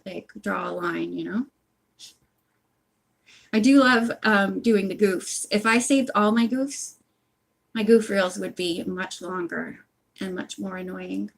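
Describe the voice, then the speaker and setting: Speaking unhurriedly in a mid-range voice with vocal fry, a woman who runs an audiobook channel knits and chats on a home phone livestream. She rambles, full of asides.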